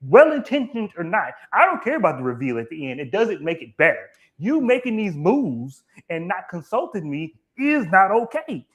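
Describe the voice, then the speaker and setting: Brief: high-voiced man, heated, colloquial live review commentary. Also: sing-song, normal speed, few pauses, fairly bright tone. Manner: emphatic, colloquial, repeats words when heated. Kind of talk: live TV episode review chat.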